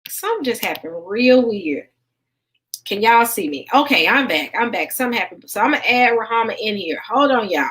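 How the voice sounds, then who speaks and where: A woman with a Southern US accent hosting a casual late-night livestream chat in a lively, folksy way. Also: on the high side, rough recording. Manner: lively, folksy, quick to laugh. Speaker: livestream host.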